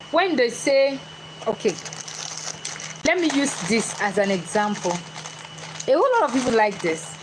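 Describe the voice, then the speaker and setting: A woman's voice: on the high side, noisy background. A woman giving a chatty motivational talk, questioning her live audience directly. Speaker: motivational speaker.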